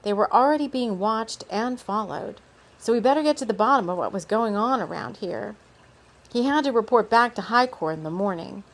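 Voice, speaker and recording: A woman reading her own story aloud in a relaxed way, stopping now and then for unscripted asides. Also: medium pitch, normal speed. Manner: relaxed, with off-script asides and laughs.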